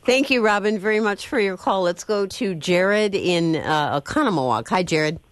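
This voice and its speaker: Woman radio host with a lively voice. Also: medium pitch, moderate pace, dry recording. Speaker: radio talk show host. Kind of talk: call-in radio hosting.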